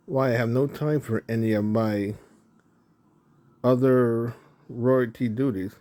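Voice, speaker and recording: A man's voice: medium pitch, steady tone, takes it slowly, dark tone, close to an everyday voice. A man doing a proud lazy lion king. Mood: gruff.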